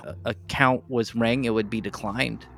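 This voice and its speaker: A man's voice: medium pitch, fairly even intonation, moderate pace, vocal fry. Chatty man with faint background noise. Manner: chatty, hesitant, thinks out loud. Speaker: player. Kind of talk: casual tabletop play.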